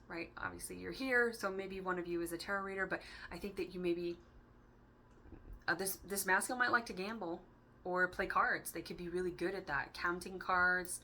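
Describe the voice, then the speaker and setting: A woman's voice: medium pitch, bright, forceful tone, a little hiss or hum. A woman doing a casual tarot reading for her channel, chatty and playful, laughing often as she rambles from one idea to the next. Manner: rambling, free-associating. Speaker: tarot reader.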